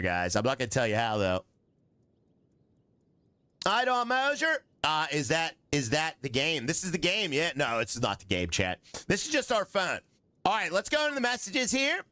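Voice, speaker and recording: A middle-aged man streaming a game live, excitable and joking as he chats with his viewers. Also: fairly high pitch, clear, resonant tone, no echo. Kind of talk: live gameplay commentary.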